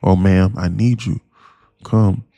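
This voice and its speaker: A man's voice: deep voice, fairly even intonation, takes it slowly, vocal fry, heavily acted. A man voicing the pleading, desperate market. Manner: begging, soft and repetitive.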